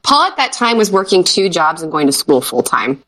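A woman's voice: fairly low pitch, big pitch swings, moderate pace, a bit bright. A woman guest, a mother of twins, sharing personal stories in a chatty, reflective way full of "like".

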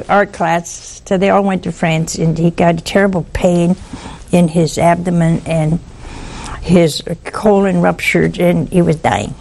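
A woman's voice: on the low side, creaky, a little mellow, a little hiss or hum. A woman speaking on a religious broadcast, telling a story in an earnest, emphatic way and repeating lines for effect. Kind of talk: preachy storytelling talk.

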